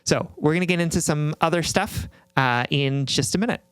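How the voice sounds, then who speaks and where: A man co-hosting a podcast in casual chat, gently validating, with many fillers and restarts. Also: a little high, fairly quick, clear, resonant tone, dry recording. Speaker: podcast co-host.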